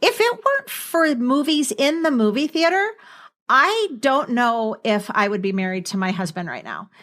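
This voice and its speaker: An older woman co-hosting a podcast, rambling warmly through a dating story in casual chat. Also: on the high side, big pitch swings, moderate pace. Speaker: podcast co-host.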